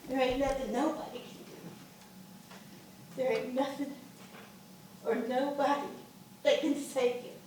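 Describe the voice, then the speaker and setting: A woman's voice: sits high, steady tone, unhurried, long pauses, darkish tone, slight background noise. A woman playing a grieving, loving grandmother, in an amateur stage drama, recorded from far off in an echoey room. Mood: sorrowful. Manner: folksy, tearful.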